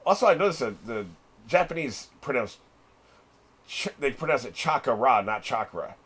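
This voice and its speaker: Middle-aged guy with a slightly raspy voice and animated pitch, casual reaction-channel host. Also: moderate pace. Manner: chatty, swears freely, laughs often.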